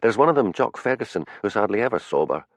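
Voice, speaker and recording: A man's voice: lowish voice, very animated, quick pace, no room sound. A man voicing a matter-of-fact police detective explaining things over the phone.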